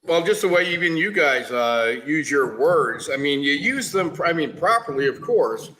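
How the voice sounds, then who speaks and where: Bright-voiced New man ranting. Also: fairly high pitch, lively intonation, poor audio. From New York, the Bronx. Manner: ranting, halting with restarts. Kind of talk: casual chat.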